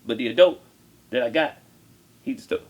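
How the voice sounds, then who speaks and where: A man voicing an upset villain on a phone call who rants and makes loud threats. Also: medium pitch, expressive, a little fast, voice pushed down, natural voice. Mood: agitated.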